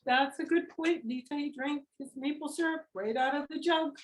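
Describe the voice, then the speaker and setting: An older woman chatting softly on a video call, laughing often as she shares memories, heard through a relative's computer from some distance. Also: high voice, slight background noise. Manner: slow, soft, laughs often. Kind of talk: casual chat. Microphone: relative's computer mic from a distance. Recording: echoey, distant computer mic.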